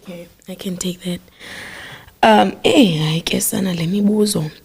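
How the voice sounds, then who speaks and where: Interviewer, female, low husky voice, hesitant and filler-heavy phrasing. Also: normal speed, a little mellow. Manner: hesitant, many fillers before questions. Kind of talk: casual interview questions.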